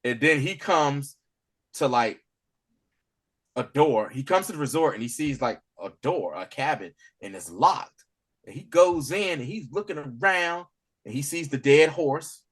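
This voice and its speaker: A man co-hosting a podcast, casually recapping a TV episode in animated storytelling, acting out the characters' lines. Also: fairly high pitch, measured pace, breathy edge. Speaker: podcast co-host. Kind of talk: casual spoiler review chat.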